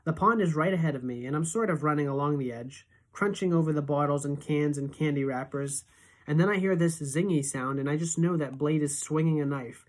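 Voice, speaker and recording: A teacher reading a novel aloud in steady, expressive first-person narration. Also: female voice, low-pitched.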